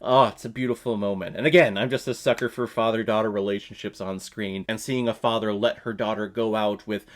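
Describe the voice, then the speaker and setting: Animated man giving a movie review. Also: on the low side, brisk, few pauses. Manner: animated, emphatic, laughs often. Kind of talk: casual opinionated review.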